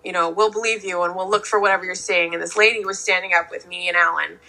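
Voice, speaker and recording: A young woman on whale-watching boat crew, telling stories in a relaxed, casual way with "like" fillers. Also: fairly low pitch, quick pace, creaky, rough recording. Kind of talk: casual storytelling.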